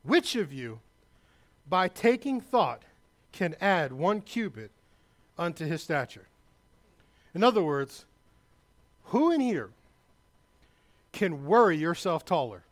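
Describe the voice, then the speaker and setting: High-voiced, emphatic male preacher. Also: big pitch swings, takes it slowly, long pauses. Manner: preaching, loud and emphatic, with asides to the congregation. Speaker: pastor. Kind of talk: sermon.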